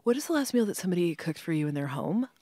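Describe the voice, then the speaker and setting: A woman's voice: fairly low pitch, very animated, rapid-fire, dark tone, no echo. A woman hosting a podcast interview, asking curious questions and laughing along with her guest. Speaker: podcast host. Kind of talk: casual interview chat.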